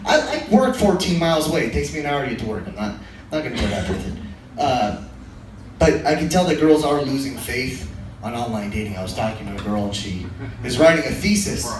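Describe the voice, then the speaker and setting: A man's voice: mid-range voice, very animated, brisk. A young man doing a casual, profane, self-deprecating stand-up set in a small comedy room. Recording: very echoey room, voice from far off, faint noise.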